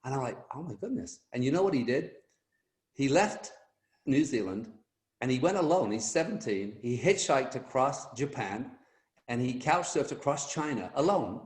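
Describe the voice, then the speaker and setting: A middle-aged man telling an energetic motivational story as a guest speaker on a team video call, acting out the voices in his anecdotes. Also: medium pitch, moderate pace, reverberant.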